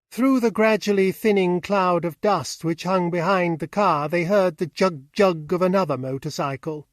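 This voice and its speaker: A man narrating an audiobook with steady, even storytelling on a close mic. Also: high voice, normal speed, few pauses, no room sound. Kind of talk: scripted narration.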